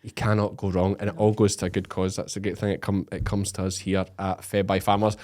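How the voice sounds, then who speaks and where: A man's voice: low-pitched, completely flat delivery, fast talker, darkish tone. A man with a Scottish accent hosting a farming podcast in casual chat, joking and teasing his co-host. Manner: jokey, teasing banter.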